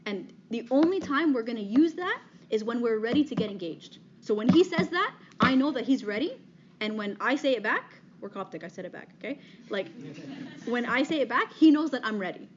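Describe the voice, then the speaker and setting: A fairly high-voiced woman in her thirties speaks to a live audience. She is chatty and frank, with a habit of checking in with "okay?" The recording sounds a little muffled, with a faint hiss of noise behind her. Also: lively intonation, a little fast. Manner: frequent "okay?" check-ins, conversational and direct. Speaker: speaker giving a talk on dating. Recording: slightly dull, faint background noise.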